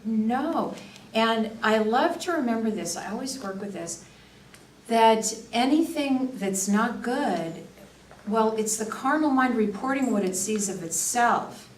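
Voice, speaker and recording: A woman speaking at a faith workshop, reflecting earnestly with quick restarts, recorded from a distance in an echoey room. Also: on the high side, animated. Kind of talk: faith reflection to a small group. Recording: echoey room from a distance, faint background noise.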